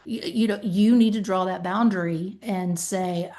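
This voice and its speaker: An emphatic woman with a Southern US accent, talking on a podcast in a middle-pitched voice. She tells stories from her work and acts out phone calls, switching into quoted voices. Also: steady tone, measured pace, hardly any pauses, mellow. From American South. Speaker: podcast co-host, former claims manager. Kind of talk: casual podcast chat.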